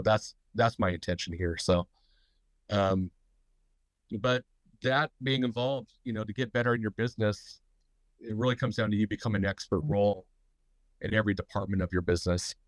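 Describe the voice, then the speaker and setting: A man's voice: fairly low pitch, no room sound, low-quality recording. A man with a stuffy, congested voice hosting a live business talk for tattoo artists, rambling with lots of fillers and restarts.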